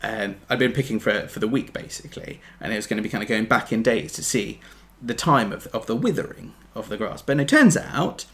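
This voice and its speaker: A man preaching a sermon, earnest, building to emphatic peaks and then dropping soft. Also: on the low side, animated, brisk, vocal fry, few pauses.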